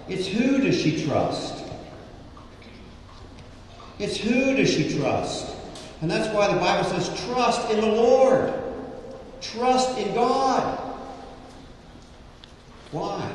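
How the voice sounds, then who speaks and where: A man's voice: sits high, a little hiss or hum. A man preaching a sermon while working with a horse, emphatic, with dramatic swings in pace. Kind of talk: sermon with live horse demonstration. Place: indoor horse arena. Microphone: distant mic. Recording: distant mic in echoey arena.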